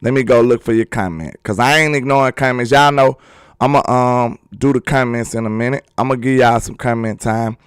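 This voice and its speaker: A man hosting a sports livestream, chatting casually and excitedly while reading viewer comments. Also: mid-range voice, a little fast, clear, resonant tone, dry recording, studio quality. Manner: excitable, talkative, teasing with chat.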